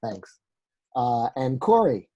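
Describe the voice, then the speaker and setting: Mellow-voiced man running a video call. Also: medium pitch, very animated, takes it slowly, lo-fi sound. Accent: New York. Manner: friendly, calling names one by one. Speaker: meeting facilitator. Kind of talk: casual video call introductions.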